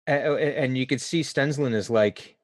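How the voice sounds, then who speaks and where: A man narrating a tabletop game as game master, chatty and halting, laughing often. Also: mid-range voice.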